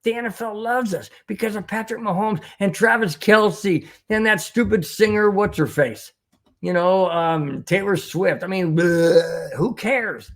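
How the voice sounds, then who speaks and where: A man's voice: high-pitched, measured pace. A man putting on the voice of a whiny, sulking football player in a mocking tone. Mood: whiny mockery. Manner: mocking, whining.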